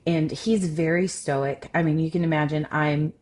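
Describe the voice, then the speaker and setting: A woman with a notably low-pitched voice speaks as a relationship coach and podcast host. She is loud and expressive, telling personal stories in a candid, conversational way. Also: moderate pace.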